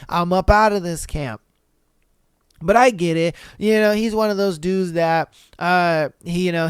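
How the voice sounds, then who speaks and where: Male podcast host with a smooth, high voice, blunt and profane, reading and reacting to listener stories. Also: dry recording, clean studio sound. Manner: profane, blunt, repeats "you know what I mean". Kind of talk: blunt casual commentary and reading of listener posts.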